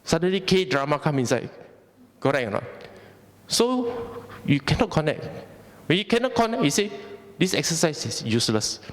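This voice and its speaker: A man's voice: a little high, big pitch swings, normal speed. Malaysian man preaching in an echoing hall. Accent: Malaysian English. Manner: conversational, asks the audience rhetorical questions. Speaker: Buddhist Dhamma speaker. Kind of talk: Dhamma talk to a congregation. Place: temple hall. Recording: long hall reverb.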